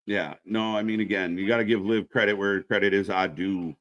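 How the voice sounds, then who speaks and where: A man's voice: on the low side, steady tone, brisk, fairly bright tone, dry recording, lo-fi sound. A man co-hosting a wrestling live stream, in casual, profane chat that reacts to the action and answers viewers.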